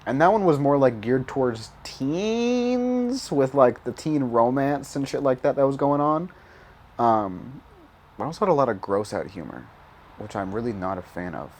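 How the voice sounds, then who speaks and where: A man's voice: medium pitch, lively intonation, moderate pace, a little mellow, slight background noise. A young man giving casual, rambling commentary while playing a driving game, swearing often and laughing at his own jokes. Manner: rambling, profane, self-mocking, laughs often. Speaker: gaming YouTuber.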